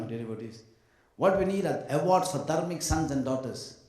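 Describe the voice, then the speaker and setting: Man, devotional speaker to a crowd of devotees, mellow voice, lively storyteller who mimics people, heavily echoing hall. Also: fairly high pitch. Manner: animated storytelling, mimics other people, joking asides. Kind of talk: devotional talk with anecdotes. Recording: echoey hall sound.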